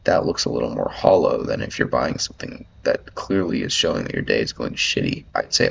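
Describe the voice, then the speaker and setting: A man's voice: rumbling low, big pitch swings, a little fast, creaky, few pauses, a bit bright, slight background noise. A man ranting in rambling commentary as he reads an article aloud, swearing often and filling his talk with "like". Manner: rambling, profane, lots of "like" fillers. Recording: dull lo-fi audio.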